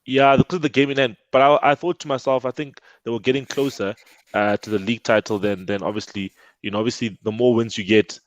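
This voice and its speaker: A man's voice: mid-range voice, fast talker, no room sound. A man on a football podcast chatting casually, repeating words as he thinks. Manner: excitable, repeats words when excited. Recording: dull lo-fi call audio, dry.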